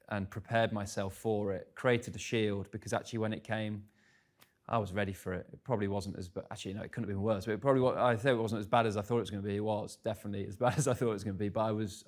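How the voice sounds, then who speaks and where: A man, speaking candidly on stage at a live event and telling self-deprecating stories. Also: lowish voice. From England. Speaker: guest speaker.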